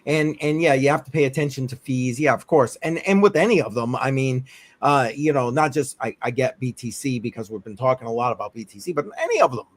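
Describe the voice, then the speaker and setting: New england dude hosting a stream, loose and rambly, lots of laughs, mid-pitched voice. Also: male voice, a little fast, dry recording. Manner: loose, rambling, laughs a lot, repeats himself. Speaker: host. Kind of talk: casual livestream chat.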